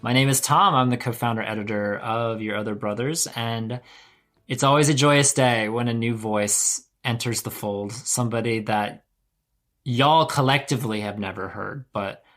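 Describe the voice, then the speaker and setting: Upbeat American podcast host, easygoing and talkative, middle-pitched voice. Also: male voice, normal speed. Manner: warm enthusiastic rambling, self-correcting. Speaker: podcast host and co-founder editor. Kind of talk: casual podcast chat.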